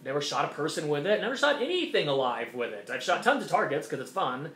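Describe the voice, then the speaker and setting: This host's opinion monologue comes in a slightly high, sing-song, fairly bright male voice, spoken fast. He's emphatic and repetitive, mocking the voices he quotes, and the room echoes.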